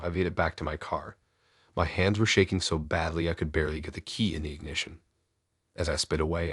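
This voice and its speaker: Very deep husky male horror narrator. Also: no echo, clean studio sound. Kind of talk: scripted first-person horror narration.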